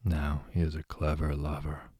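A playful young woman who loves to tease her friend, read out by a man. His voice stays very low, slow and level, husky and dark, and it sounds close and dry. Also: dry recording. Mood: teasing. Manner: slow, soft, even reading.

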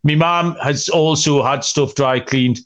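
A man's voice: fairly high pitch, measured pace. A young adult man co-hosting a betting podcast, telling rambling jokey stories in casual chat with lots of fillers. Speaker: podcast co-host.

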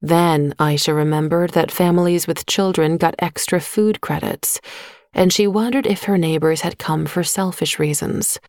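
A woman narrating a short story in a measured, even voice on a close microphone. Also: sits low, no echo. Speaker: audiobook narrator. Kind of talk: scripted narration.

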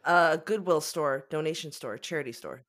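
A woman's voice: deep voice, normal speed, fairly bright tone. A woman on a podcast answering quiz questions, thinking aloud hesitantly. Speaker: podcast host. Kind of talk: casual chat.

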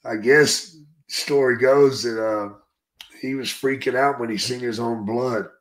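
A man's voice: medium pitch, fairly even intonation, measured pace. An older man, a retired wrestler, telling stories in a casual, profane, drawling way. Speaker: podcast guest, retired wrestler. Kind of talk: casual storytelling.

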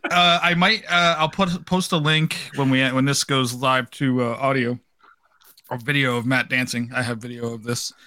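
Bright-voiced American man, laughing host. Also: mid-range voice, steady tone, normal speed. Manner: laughing, rambling storyteller. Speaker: podcast host. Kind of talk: casual chat. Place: home, video call.

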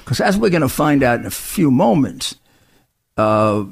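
A man co-hosting a political talk show, talking in quick, rambling runs full of restarts and asides. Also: medium pitch, big pitch swings, creaky, breathy edge. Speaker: co-host.

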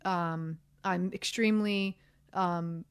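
A woman hosting a sports radio show, chatting in an animated, self-deprecating way with lots of fillers, on a studio microphone. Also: lowish voice, slow, clean tone, dry recording. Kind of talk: casual sports talk chat.

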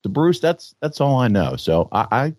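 A man with a middle-pitched voice that moves a lot as he talks, a bit hoarse this morning. He hosts in a friendly, chatty way, recorded dry and close to the mic. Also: very animated, normal speed, a little mellow, dry recording. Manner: friendly, chatty, reads ad copy. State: slightly hoarse. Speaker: podcast host. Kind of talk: casual podcast chat.

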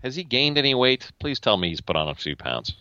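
A man's voice: medium pitch, sing-song, a little fast, bright, forceful tone, clean tone, dry recording. A man hosting a fantasy basketball podcast, joking and sarcastic as he steers the talk. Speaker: podcast host. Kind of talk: casual podcast discussion. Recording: dull lo-fi dry sound.

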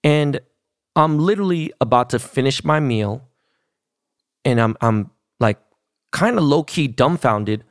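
A man's voice: medium pitch, animated, unhurried, pauses often, no room sound, studio quality. A man, hosting a podcast and telling a story in a casual, profane, slangy rant. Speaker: podcast host.

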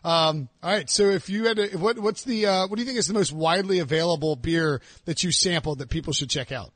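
A high-voiced man hosts a casual sports podcast, chatting and joking with plenty of fillers. His voice sits close and dry on the mic, with no room sound around it. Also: brisk, a bit bright, no echo. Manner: chatty, jokey, lots of fillers and restarts. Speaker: podcast host. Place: southern US.

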